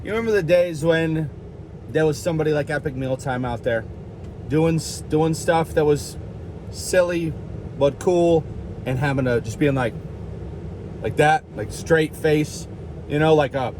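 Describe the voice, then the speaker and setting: A man's voice: fairly high pitch, moderate pace, pauses often, background noise. A man vlogging in a rambling, jokey, self-mocking way, with lots of fillers and over-the-top asides. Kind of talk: casual rambling vlog.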